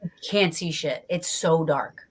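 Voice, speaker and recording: A woman from New Jersey with a slightly low voice tells a story as a guest in a casual interview. She is animated and swears freely, acting out her own reactions as she goes. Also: unhurried, breathy edge. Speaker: guest investigator.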